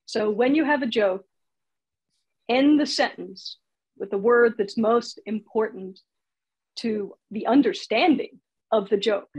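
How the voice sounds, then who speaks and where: A woman's voice: a little high, husky, muffled recording. A woman teaching comedy writing in a casual online workshop, chatty and laughing at her own examples, heard over a video call.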